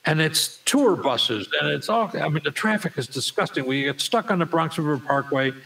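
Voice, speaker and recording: As a guest in an interview, an older man tells a story and acts out the people in it, jumping widely in pitch for their voices. He speaks at normal speed with vocal fry, and the recording is low quality.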